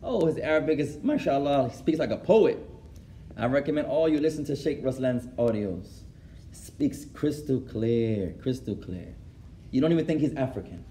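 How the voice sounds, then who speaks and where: A man's voice: medium pitch, lively intonation, a little fast, dark tone, a little hiss or hum. A man teaching an Islamic lesson to a class. He switches between English and Arabic, translating as he goes, repeats phrases for emphasis and laughs at his own stories.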